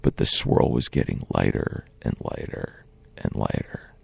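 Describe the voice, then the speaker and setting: A man's voice: rumbling low, measured pace, creaky, a little mellow, breathy edge. A man telling a personal story in an earnest, conversational way, often restarting his sentences. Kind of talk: first-person storytelling monologue.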